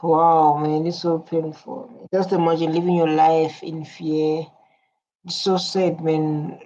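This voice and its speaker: Low and warm, this South African woman's voice moves slowly with a flat delivery as she hosts an emotional reaction video. Earnest throughout, she says things more than once and hums as she listens. The recording is dull and lo-fi, with a faint hiss.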